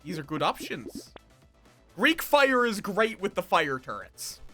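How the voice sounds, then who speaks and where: Soft music plays behind a streamer who chats casually with viewers while gaming. The mid-range voice is very animated and sharp in tone, moving at a measured pace as they ramble and break off mid-thought.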